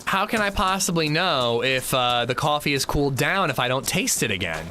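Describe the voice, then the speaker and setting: A man's voice: on the high side, sing-song, normal speed, sharp tone, slight background noise. A man streaming a game, chatting casually and jokingly answering his chat. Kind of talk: casual livestream chat while gaming.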